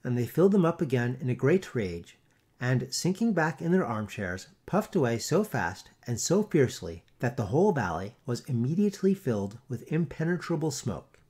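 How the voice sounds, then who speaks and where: A man reading a classic tale aloud in a theatrical, expressive storytelling manner. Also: mid-range voice, moderate pace, husky. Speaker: audiobook narrator. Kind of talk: scripted story narration.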